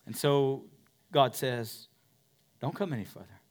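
A man preaching a sermon as pastor of a church, dropping to whispers and rising to loud peaks. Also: mid-range voice, unhurried. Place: church in a converted warehouse.

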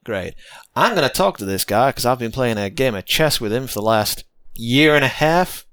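A man's voice: mid-range voice, expressive, moderate pace, a bit bright. A man playing a tabletop role-playing game, joking with his friends and slipping in and out of character. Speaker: player. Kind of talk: tabletop role-play banter.

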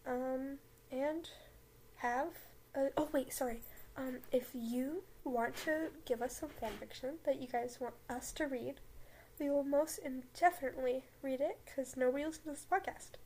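A woman's voice: high-pitched, normal speed, dark tone. A young woman hosting a podcast, reading aloud in a casual, comedic way, giggling, interrupting herself and getting flustered. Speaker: podcast host.

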